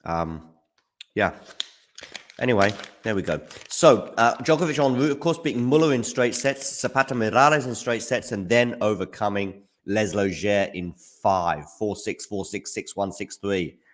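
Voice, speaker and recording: A man with a lowish voice, speaking at normal speed, hosts a live tennis watchalong. He chats in a relaxed, musing way, with hums and fillers, while eating chocolate.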